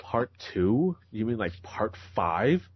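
A man's voice: on the low side, very animated, takes it slowly, breathy edge, no echo. A man co-hosting a podcast, speaking casually in a dry, offhand way. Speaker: podcast co-host. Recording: dry, muffled podcast recording.

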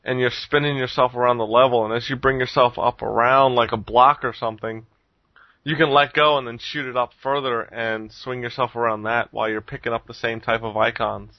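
A man's voice: mid-range voice, little pitch movement, fairly quick, no echo. Rambling man on a dull, dry mic. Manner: rambling, chuckles often, lots of ums. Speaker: podcast host reviewing games. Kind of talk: casual chat.

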